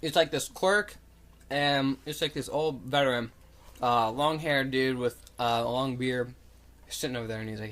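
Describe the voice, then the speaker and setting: A man's voice: medium pitch, moderate pace, a bit bright, slight background noise. A young man co-hosting a podcast, telling a story in casual chat, rambling with lots of fillers and acting out what people said. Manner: rambling, filler-heavy, acts out quotes animatedly. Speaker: podcast co-host.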